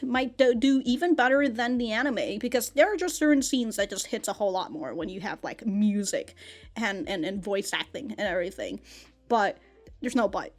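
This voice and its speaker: A woman giving excitable, casual reaction commentary on an anime, laughing often, swearing freely and calling everyone "dude". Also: mid-range voice.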